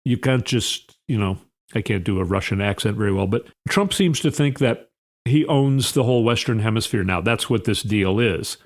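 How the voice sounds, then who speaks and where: A man's voice: fairly low pitch, normal speed. A man giving a casual political monologue, blunt and sarcastic, with scornful asides, speaking into a desk mic in a small room at home. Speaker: political commentary host.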